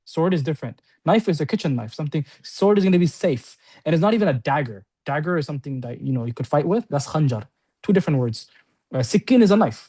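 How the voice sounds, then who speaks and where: A man teaching an Arabic class, talking fast in a slightly high voice. He keeps checking in with his students as he explains each example. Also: warm tone. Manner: quick, repetitive explaining with many checks like "right?". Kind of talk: classroom lesson. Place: classroom with students on-site and online.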